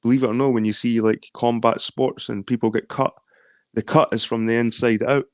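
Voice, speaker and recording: A man with a Scottish accent talks in a loose, rambling way during a casual late-night chat, dropping swear words as he goes. His voice sits at a middling pitch. The sound is dry and close, with no room echo. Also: level tone, fairly quick. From London. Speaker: chat guest.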